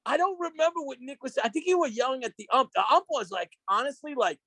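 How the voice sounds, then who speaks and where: A man's voice: very high voice, lively intonation, quick pace, sharp tone, dry recording. Profane storytelling man, dry sound. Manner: storytelling, profane, laughing often. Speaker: podcast co-host. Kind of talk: casual chat.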